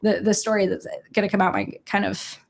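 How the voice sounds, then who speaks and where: A young adult woman from Chicago, a journalist guest, telling a story in an earnest, halting way with quoted dialogue. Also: mid-range voice, little pitch movement, creaky, slight background noise. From Chicago, USA. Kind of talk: storytelling in a conversational interview.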